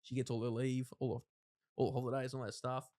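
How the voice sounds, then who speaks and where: A man's voice: medium pitch, level tone, quick pace, dark tone. A man, a podcast guest telling his story in a casual, rambling way with frequent restarts and frank swearing. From Australia. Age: 30s. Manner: rambling, self-interrupting retelling with frank swearing and acted-out quotes. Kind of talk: casual interview, personal storytelling.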